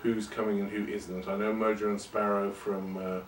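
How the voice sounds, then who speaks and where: A man's voice: lowish voice, flat delivery, moderate pace, slight background noise. Rambling man host, roomy distant sound. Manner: rambling and self-deprecating. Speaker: podcast host. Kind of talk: casual monologue.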